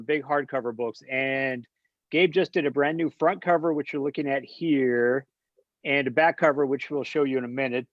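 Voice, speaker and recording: A man moderating a casual panel chat, upbeat, brisk and guiding. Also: medium pitch, no room sound. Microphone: video call. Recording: dull lo-fi video call audio.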